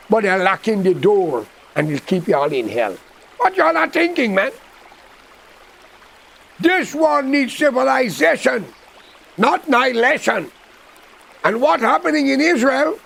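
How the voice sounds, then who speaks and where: Man, Guyanese accent, high voice, gravelly, preachy, blunt political monologue. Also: big pitch swings, unhurried, long pauses, a bit bright, low-quality recording.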